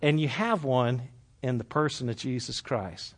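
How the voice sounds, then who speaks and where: A man leading a Bible study, preaching conversationally to a live group, joking and asking questions, then dropping soft and low for earnest points. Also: measured pace. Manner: lively, jokes with and questions the group.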